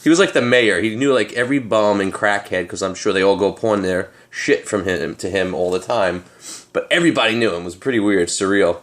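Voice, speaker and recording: A man, tired, telling a story to his vlog audience in a casual, animated, street-casual way. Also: fairly low pitch, a little fast. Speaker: comic collector vlogger.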